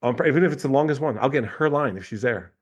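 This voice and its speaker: Very fast and slightly rough, this medium-pitched man is a guest coach in a casual podcast conversation. He tells stories animatedly, laughing often and mimicking others.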